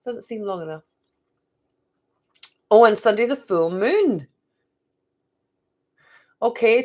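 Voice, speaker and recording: A middle-aged woman giving a live card reading to viewers. She chats, talks to herself and repeats phrases. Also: lowish voice. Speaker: card reader.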